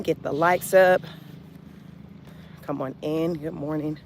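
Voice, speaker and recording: A woman's voice: deep voice, takes it slowly, vocal fry, pauses often, background noise. Chatty woman doing live commentary. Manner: animated, chatty, addresses viewers as y'all. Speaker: commentary vlogger. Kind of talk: casual live-stream commentary.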